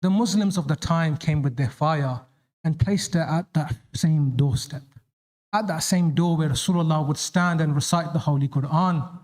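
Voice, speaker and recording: A male preacher tells stories in a sermon, raising his voice sharply for the lines he quotes. His voice sits a little higher than most men's. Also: normal speed, darkish tone. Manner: dramatic, voices quoted lines with rising pitch. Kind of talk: sermon storytelling.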